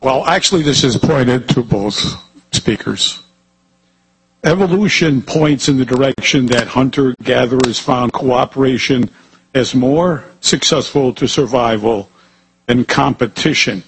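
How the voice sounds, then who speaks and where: A man in the audience puts a pointed question to a debate panel, halting and stumbling over his words. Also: medium pitch, slightly rough, low-quality recording. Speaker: audience member asking a question.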